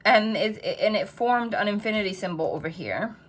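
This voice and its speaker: A woman reading tarot in a casual vlog, chatty and rambling, telling animated stories full of quoted dialogue. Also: medium pitch, fairly quick, a little hiss or hum. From New Jersey. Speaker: tarot reader.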